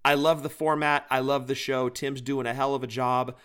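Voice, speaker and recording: A man's voice: mid-range voice, little pitch movement, normal speed, a bit bright, clean tone. A man co-hosting a podcast, chatting casually and doing enthusiastic, joking plugs for other shows. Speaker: podcast co-host.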